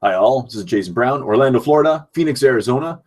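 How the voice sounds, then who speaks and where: A man's voice: medium pitch, lively intonation, quick pace, darkish tone. A young man from Canada hosting a casual live stream from his computer at home, reading viewer chat aloud and answering it.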